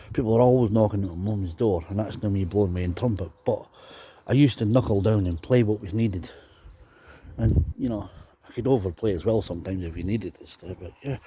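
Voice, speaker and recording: A man's voice: lowish voice, warm tone, a little hiss or hum. Rambling Scottish man from Dundee. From Scotland. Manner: rambling, chatty, self-interrupting with "you know". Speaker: drummer telling stories. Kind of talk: casual storytelling monologue.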